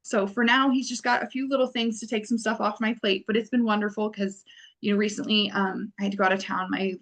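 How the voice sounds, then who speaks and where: A woman's voice: medium pitch, steady tone, fast. A woman business owner as a podcast guest, talking at length with many fillers. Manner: wordy, rambling, many fillers. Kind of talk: casual podcast interview.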